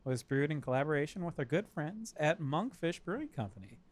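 A man's voice: a little high, very animated, brisk. A man co-hosting a casual beer-tasting chat, joking and stumbling over words as he reads aloud.

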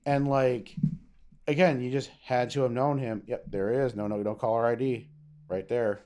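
A young man co-hosts a podcast in casual chat, speaking at a moderate pace with a medium pitch and a steady, darkish tone. He rambles, swears, and uses lots of fillers.

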